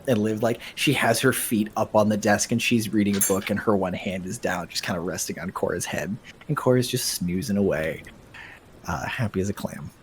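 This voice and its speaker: A man's voice: fairly low pitch, slight background noise. A man narrating as game master in a casual tabletop game, talking loosely with restarts and laughs. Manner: chatty, laughing, many restarts.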